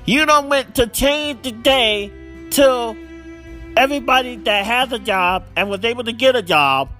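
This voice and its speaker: A man's voice: very high-pitched, measured pace, pushed and bright, faint music behind. A man hosting a solo football picks podcast, ranting in exasperation and repeating himself. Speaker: podcast host.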